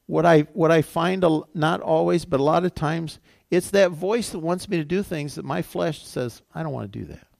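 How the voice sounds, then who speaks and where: Male pastor, folksy sermon delivery with a raised, gravelly voice. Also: on the high side, fairly even intonation, moderate pace, hardly any pauses, a little mellow, no echo, clean studio sound. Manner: conversational preaching, acts out quoted voices.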